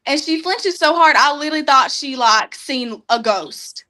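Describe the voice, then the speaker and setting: A young woman sits in a studio and tells everyday stories with lots of laughter. Her voice is high and bright. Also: normal speed. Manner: laughing, animated storyteller. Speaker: studio guest. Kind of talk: casual storytelling.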